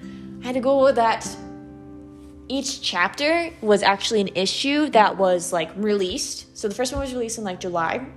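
A young woman with a Valley Girl accent, hosting a student podcast in an animated, chatty way, full of "like" and "okay". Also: a little high, moderate pace, soft background music. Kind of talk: casual solo podcast monologue.

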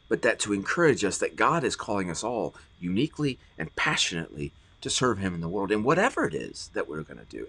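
A man's voice: lowish voice, sharp tone, husky. A middle-aged man preaching a podcast sermon as pastor, earnest and often repeating words as he stresses a point.

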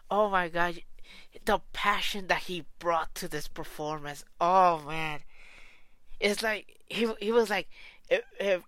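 A woman talking in a casual reaction vlog, excitable and gushing, with slangy phrasing and frequent restarts. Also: fairly low pitch, slow, no echo. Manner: slangy, informal.

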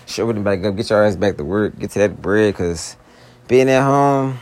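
Here the young Philadelphia vlogger's voice is fairly low and a little mellow, at a moderate pace. He still unloads a profane, slangy monologue on his girlfriend, shifting from pleading to exasperation.

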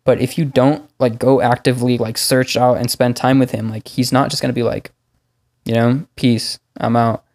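A man in a casual faith conversation, speaking in a relaxed way with lots of "like" fillers. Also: mid-range voice, moderate pace.

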